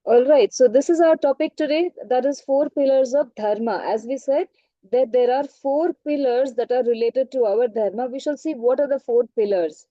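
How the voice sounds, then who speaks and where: A woman's voice: sits high, moderate pace, mellow, dry recording, lo-fi sound. A woman teacher with an Indian English accent telling a story to an online class and often checking in with questions. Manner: interactive, asks the class questions. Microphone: online class audio.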